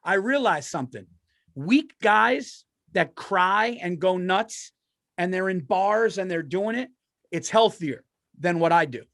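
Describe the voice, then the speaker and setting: Man, high pitch, dry close sound, rambling casual podcast talk, self-deprecating. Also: expressive, unhurried, fairly bright tone, dry recording. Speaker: podcast co-host. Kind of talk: casual comedy chat.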